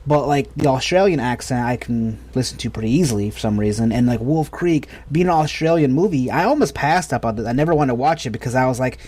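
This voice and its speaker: A man's voice: mid-range voice, animated, fast talker, hardly any pauses, darkish tone. An American man in his thirties, co-hosting a podcast in a rambling, enthusiastic casual chat full of restarts. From United States. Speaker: podcast co-host.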